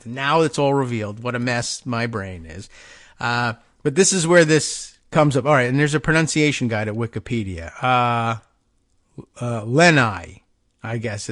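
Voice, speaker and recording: A man's voice: medium pitch, fairly bright tone. A man hosting a talk show, thinking aloud in a casual, rambling monologue, wry and self-mocking as he wanders off topic. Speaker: radio show host.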